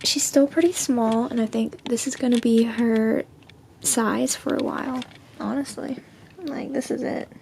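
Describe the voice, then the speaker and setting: A woman's voice: fairly high pitch, fairly even intonation, measured pace, creaky, darkish tone, a little hiss or hum. A woman filming her kitten at home, talking to it in gushing baby talk and laughing often. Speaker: pet owner vlogger. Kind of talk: casual home video narration.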